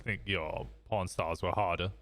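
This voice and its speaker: A man's voice: low-pitched, steady tone, unhurried, fairly bright tone. A man playing a police officer in a game role-play, cracking dry, teasing jokes.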